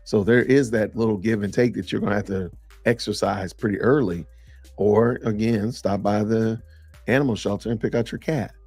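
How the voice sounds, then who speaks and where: A man's voice: fairly low pitch, steady tone, normal speed, darkish tone, breathy edge, no room sound, soft background music. A middle-aged man hosting a casual live-stream podcast, chatting loosely and reacting to viewer comments. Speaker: podcast host.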